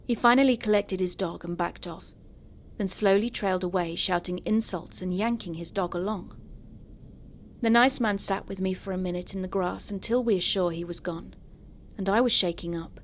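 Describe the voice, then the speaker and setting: A woman narrating true horror stories in a steady first-person storytelling manner. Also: mid-range voice, slight background noise.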